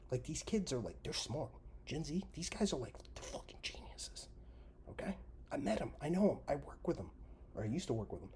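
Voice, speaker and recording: A sarcastic man rants through a profane comic monologue, his mellow, dark voice swinging widely in pitch. He lurches from loud jabs to muttered, whispered asides. A faint hiss sits under the recording. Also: fairly quick. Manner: animated, sarcastic, heavy swearing, trails into mutters and whispers. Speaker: podcast host. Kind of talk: profane comedic rant.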